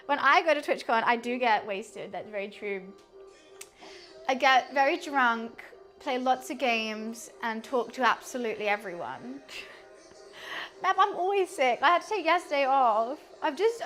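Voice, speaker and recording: A woman's voice: sits high, a bit bright. A young British woman chatting casually with her live-stream audience while cooking, laughing often and swearing freely. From United Kingdom.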